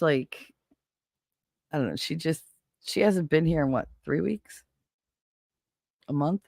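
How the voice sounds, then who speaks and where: A woman's voice: deep voice, dry recording, clean studio sound. A woman hosting a casual livestream from home, seated at her computer and talking candidly and emotionally to her viewers, rambling and swearing now and then. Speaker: livestream host. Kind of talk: casual chat with live viewers.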